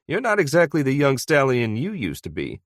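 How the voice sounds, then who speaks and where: A man's voice: mid-range voice, huge pitch swings, a little fast, dry recording, clean studio sound, pitched above the performer's own voice. A man voicing an older retired newspaper veteran who talks in a sardonic, ribbing way, in an audiobook.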